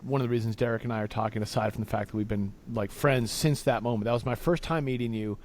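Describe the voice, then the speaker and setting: A man's voice: mid-range voice, steady tone, fast talker, a little mellow, a little hiss or hum. A man hosting a podcast in casual, friendly chat, reminiscing with his guest. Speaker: podcast host.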